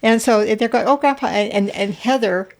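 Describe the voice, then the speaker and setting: An older woman guest in a casual interview, telling family stories in an animated way and acting out the voices of the people she quotes. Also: medium pitch, normal speed, gravelly.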